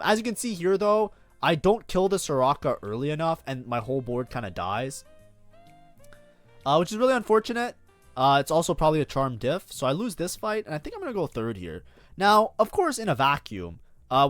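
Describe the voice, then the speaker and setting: Animated, swearing gaming streamer guy. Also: mid-range voice, no echo. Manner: swears freely, bursts into loud frustrated outbursts; self-critical, talks constantly. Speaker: streamer reviewing his own match. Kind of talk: casual gameplay commentary.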